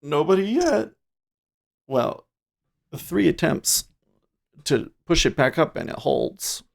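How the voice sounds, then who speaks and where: A man hosting a day trading livestream, casually thinking out loud in a relaxed, drowsy, rambling way. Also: medium pitch, slow, creaky. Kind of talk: casual live market commentary. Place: home trading desk with large screens.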